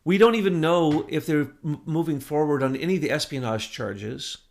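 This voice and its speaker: Impassioned man with loud bursts. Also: fairly high pitch, moderate pace, vocal fry. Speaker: co-host. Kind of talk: political commentary.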